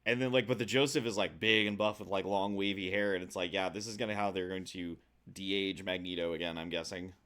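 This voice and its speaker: A man's voice: low voice, steady tone, fairly quick, few pauses, fairly bright tone. A man co-hosting a casual comics podcast, chatting and guessing about stories. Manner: chatty, speculative. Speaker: podcast co-host. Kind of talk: casual chat.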